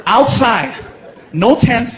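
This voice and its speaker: A man doing stand-up comedy, an animated, slangy storyteller on a stage mic in a large theater. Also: very high-pitched, slow. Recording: echoey theater with loud crowd.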